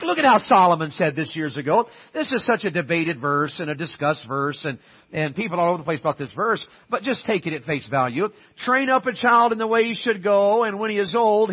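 A man's voice: high-pitched, dull audio. A man preaching a sermon to his congregation in a conversational way, asking the crowd questions and acting out the parents he quotes. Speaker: pastor. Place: church auditorium with a congregation.

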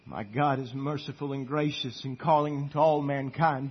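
A male pastor with a high, husky voice preaches emphatically. He drops to near-hushed tones, then swells into loud, ringing declarations. The recording sounds dull and lo-fi. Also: steady tone, moderate pace. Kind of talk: sermon.

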